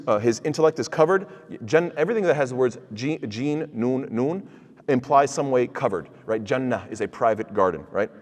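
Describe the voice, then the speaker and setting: A man giving an animated Quran commentary lesson, asking rhetorical questions and reciting Arabic verses in a quick chant. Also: mid-range voice, big-room sound. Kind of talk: tafsir lesson. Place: mosque hall.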